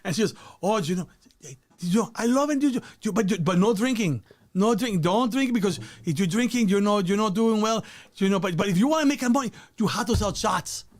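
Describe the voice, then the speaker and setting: A man voicing his excitable elderly mother, who pushes party shots in a squealing, sing-song voice. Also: high-pitched, brisk. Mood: gleeful.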